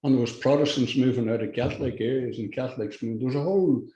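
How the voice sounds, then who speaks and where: Older Irish man, mellow halting voice. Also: medium pitch, roomy sound, highs cut off. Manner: halting, restarts sentences, blunt with swearing. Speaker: podcast guest. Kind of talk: casual conversational interview.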